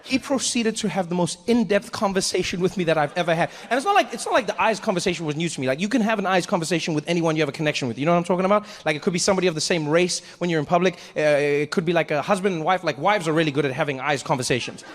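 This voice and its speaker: Guy doing stand-up into a handheld mic, high voice, bouncing between characters. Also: rapid-fire, few pauses, long reverb tail. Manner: animated, acts out voices, self-mocking. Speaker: stand-up comedian. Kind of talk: stand-up storytelling. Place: comedy stage.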